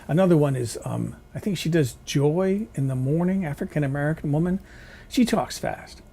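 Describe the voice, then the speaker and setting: A man's voice: fairly high pitch, big pitch swings, normal speed, gravelly, darkish tone, slightly rough. A man vlogging at home, chatting in a rambling, opinionated way. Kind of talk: casual rambling monologue. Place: home kitchen.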